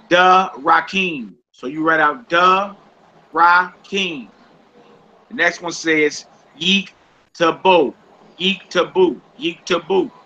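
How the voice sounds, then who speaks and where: Bright-voiced man teaching a language class. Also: a little high, a little hiss or hum. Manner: patient, repeats each instruction. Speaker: Hebrew teacher. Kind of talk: classroom instruction. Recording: dull lo-fi recording.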